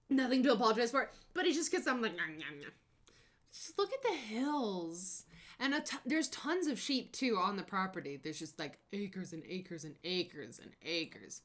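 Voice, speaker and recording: A young woman streamer chatting casually over her travel photos, bubbly and gushing, breaking into excited squeals. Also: on the low side.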